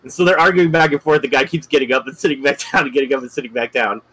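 A man's voice: mid-range voice, rapid-fire, sharp tone, husky, low-quality recording. A man on a podcast, casually retelling a film's scenes and laughing often as he talks. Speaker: podcast co-host. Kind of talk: casual movie discussion.

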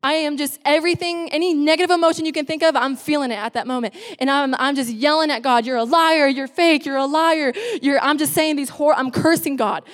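A woman pastor giving her testimony as a sermon, telling her story with animated quoted voices. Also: high voice, quick pace, few pauses. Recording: long hall reverb.

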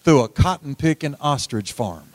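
A middle-aged man preaching a sermon, telling folksy stories with repeated words and swings from loud to hushed. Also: fairly high pitch, expressive, moderate pace, no echo. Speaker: pastor.

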